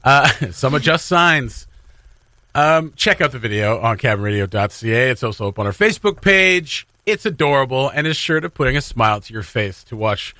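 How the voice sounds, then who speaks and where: Bright-voiced man hosting morning radio. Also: mid-range voice, expressive, normal speed, dry recording, clean studio sound. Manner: laughs often, chatty and upbeat. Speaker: radio morning show host. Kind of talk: casual on-air banter. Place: radio studio. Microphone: studio microphone.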